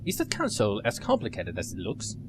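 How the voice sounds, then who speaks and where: Man reading as a calm ship's doctor, low and quiet, curious, faint noise. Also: fairly quick.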